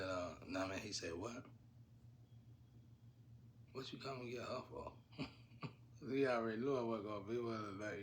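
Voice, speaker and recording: A man's voice: medium pitch, slight background noise. A man telling stories in a casual, rambling way, laughing often and using slang. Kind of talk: casual storytelling.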